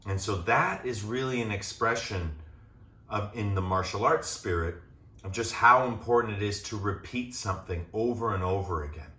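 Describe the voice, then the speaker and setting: A man teaching a gentle yoga class, guiding calmly as he demonstrates the poses and checking in with the class as he goes. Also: fairly low pitch, moderate pace, far from the mic. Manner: calm, demonstrating as he talks, checks in with "right?". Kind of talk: guided yoga class instruction. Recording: echoey room, voice off-mic.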